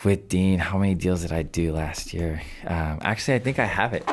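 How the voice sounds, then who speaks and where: A deep-voiced man in his twenties tells a story as a podcast guest. He talks casually and replays his old phone calls in lively bursts. His voice sits low throughout. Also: brisk. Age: 20s. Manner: animated storyteller, acts out his own past phone calls. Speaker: podcast guest, real estate investor.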